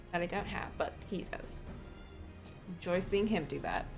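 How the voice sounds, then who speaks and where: A woman's voice: lowish voice, normal speed, creaky, pauses often, a little mellow, soft background music. A woman streamer giving casual, chatty commentary while playing a game, with self-deprecating asides.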